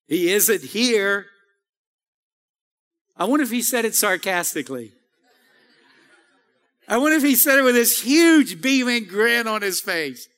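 A man with a very high, bright and forceful voice preaches a sermon. He calls out for responses and climbs to shouting peaks. The sound carries a long hall reverb from the church. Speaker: pastor. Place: church sanctuary.

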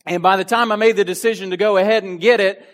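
A man's voice: high voice, steady tone, quick pace. A man preaching a youth sermon with energy, full of restarts and asides. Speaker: youth pastor.

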